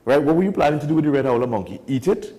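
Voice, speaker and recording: Animated man telling stories. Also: fairly high pitch, very fast. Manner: animated storyteller, emphatic. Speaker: wildlife guest. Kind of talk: casual studio chat. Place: TV studio.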